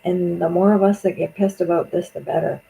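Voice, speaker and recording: A furious streamer rants, full of curses. The voice is gravelly with vocal fry and a dark, mellow tone. It is a political monologue spoken straight into the stream. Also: mid-range voice, fairly even intonation, a little fast, poor audio. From Canada. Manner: angry, profane, venting.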